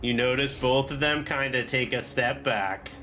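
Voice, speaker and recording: A man narrating as game master of a tabletop game, talking slowly with plenty of fillers. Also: medium pitch, pushed and bright. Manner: slow, drawn-out narration with fillers.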